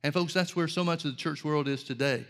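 Earnest preacher man, slightly high voice. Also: fast. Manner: earnest, rhetorical questions, addresses listeners as folks. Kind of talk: sermon.

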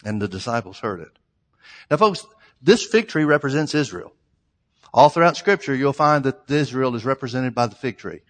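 A man preaching a sermon, emphatic, stretching out the scripture lines he reads. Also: medium pitch. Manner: emphatic, reads scripture in old-style phrasing. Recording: long hall reverb.

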